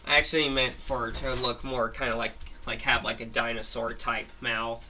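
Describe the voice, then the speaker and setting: A man's voice: medium pitch, level tone, moderate pace, a crowd in the background. A man casually retelling a monster story of his own, rambling with frequent restarts and fillers, at home with his grandmother nearby.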